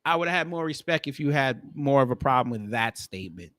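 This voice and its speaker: A man giving casual, joking reaction commentary, animated and sometimes shouting. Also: mid-range voice, quick pace, dry recording.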